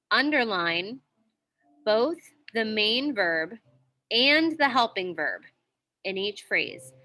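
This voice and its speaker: A woman teacher walking students through a worksheet, often checking in with "okay?" and slowing down to read example sentences. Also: medium pitch, sharp tone, slight background noise. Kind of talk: recorded worksheet walkthrough.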